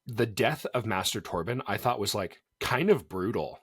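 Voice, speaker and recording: A man co-hosting a casual podcast, chatty and animated, laughing often. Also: lowish voice, moderate pace, breathy edge, no echo, clean studio sound. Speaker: podcast co-host.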